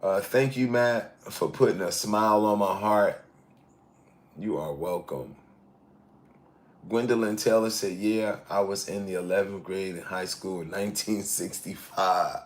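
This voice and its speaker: A man's voice: low voice, unhurried. A man in his sixties casually chatting on a live stream, reading viewer comments aloud and laughing often. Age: 60s. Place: outdoors in hot weather in Thailand.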